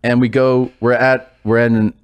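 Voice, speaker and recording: A man's voice: medium pitch, measured pace, smooth, dry recording. A man casually telling a funny story, acting out the voices of the people in it and laughing as he goes. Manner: animated, acts out quotes, laughs through story. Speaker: storyteller guest.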